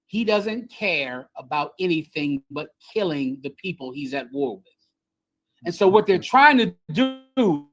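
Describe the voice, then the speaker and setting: A woman's voice: lowish voice, poor audio. Impassioned woman lecturing on a livestream. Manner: emphatic and preachy, repeats phrases for effect. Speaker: livestream host and teacher. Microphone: streaming software on a video call.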